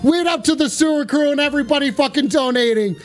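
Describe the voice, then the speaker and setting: A man hosting a live stream sign-off, excitable and swearing freely as he gives loud shout-outs. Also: very high-pitched, quick pace. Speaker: livestream host. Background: music.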